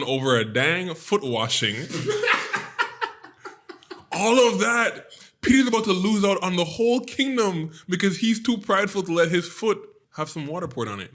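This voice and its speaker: A man's voice: a little high, a bit bright. A young man co-hosting a casual scripture podcast, laughing often and acting out quotes in funny voices. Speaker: podcast co-host.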